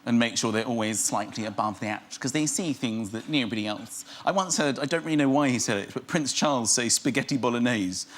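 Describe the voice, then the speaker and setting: A man's voice: medium pitch, fast, hardly any pauses. A middle-aged man, a comedian guest on a chat show, telling rambling comic anecdotes. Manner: rambling, animated storytelling with laughs. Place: TV studio with live audience.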